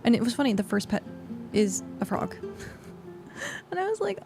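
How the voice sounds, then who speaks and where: A woman's voice: on the high side, sing-song, normal speed, creaky, dark tone, faint music behind. A woman game streamer in casual, rambling livestream chat, thanking viewers and talking while she plays. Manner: chatty and rambling, with frequent fillers.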